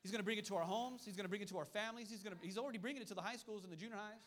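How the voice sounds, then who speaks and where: A man's voice: sits high, racing. A male pastor preaching a fiery sermon, repeating his points and calling out to the congregation. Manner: fiery, repetitive preaching with call-and-response asides.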